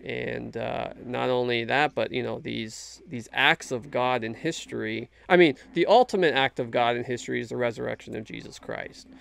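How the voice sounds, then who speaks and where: This Christian guest talks about his faith at a normal speed with few pauses, his medium-pitched voice creaky and a bit bright. It's a casual conversation, and he speaks with earnest emphasis, frequently restarting his sentences.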